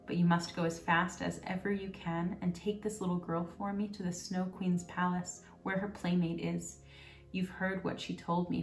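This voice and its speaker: A woman's voice: lowish voice, vocal fry. A woman voicing a fierce, bossy young robber girl in a fairy tale. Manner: blunt, bossy. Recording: roomy, distant, faint music.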